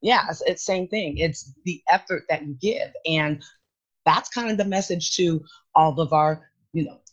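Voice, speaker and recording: A woman co-hosting a podcast, chatting casually and telling stories in an emphatic, animated way. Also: low voice, unhurried, highs cut off. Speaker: podcast co-host. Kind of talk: casual chat.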